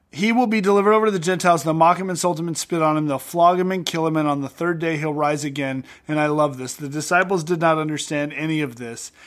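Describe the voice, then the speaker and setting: A man co-hosting a podcast, reading scripture and retelling the stories with animated acted-out voices in a studio. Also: fairly high pitch. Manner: animated storyteller acting out scenes. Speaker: podcast co-host. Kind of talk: casual Bible-reading podcast chat.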